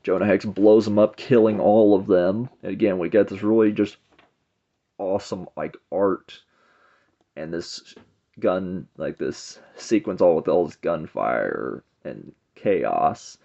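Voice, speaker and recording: A man's voice: deep voice, slow, gravelly, mellow. A man giving a casual spoken review of a comic book, loose and rambling, leaning on "it's like" between thoughts. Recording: dull lo-fi recording.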